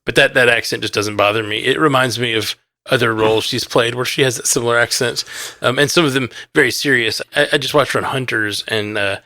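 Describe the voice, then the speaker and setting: A man's voice: mid-range voice, fairly quick, pushed and bright, no echo, clean studio sound. A man co-hosting a podcast, chatting casually in a review and rambling with lots of "like" and restarts. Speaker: podcast co-host.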